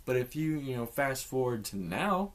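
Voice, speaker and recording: Male podcast guest, plain mid-pitched voice, earnest encouraging delivery. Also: big pitch swings, normal speed. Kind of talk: casual chat.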